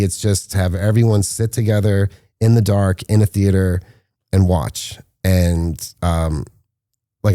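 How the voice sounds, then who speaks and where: The recording is dry with clean studio sound as a male filmmaker tells stories in a relaxed podcast interview. He's animated, performing the quotes with a rising pitch.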